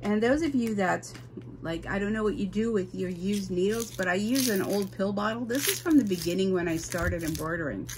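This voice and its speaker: Woman vlogger, mid pitch, chatty and flustered; camera mic in a noisy home room. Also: lively intonation, brisk. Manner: flustered, chatty, apologetic to viewers. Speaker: embroidery vlogger. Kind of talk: casual how-to chat while working. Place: home sewing room with window open and ceiling fan. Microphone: camera mic, no microphone on.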